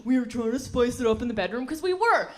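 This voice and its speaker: A woman's voice: on the high side, lively intonation, fast. A woman in her thirties doing a stand-up comedy set, punchy and laughing at her own jokes, recorded on a handheld mic at a comedy club. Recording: noisy live club recording.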